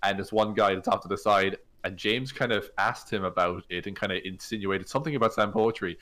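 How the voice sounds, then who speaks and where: A man's voice: on the low side, fairly quick, a bit bright. A man co-hosting a tabletop gaming podcast, chatting casually and rambling with many fillers. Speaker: podcast co-host. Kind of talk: casual chat.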